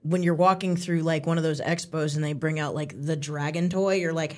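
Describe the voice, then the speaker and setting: A woman co-hosting a casual live-stream chat, animated and joking, acting out her own reactions. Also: low-pitched, a little fast. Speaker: co-host.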